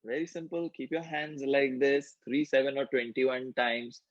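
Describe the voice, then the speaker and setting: A man leading an online group healing session, giving calm instructions and slowly repeating affirmations for the group to chant. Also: mid-range voice, dry recording, dull audio. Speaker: workshop facilitator.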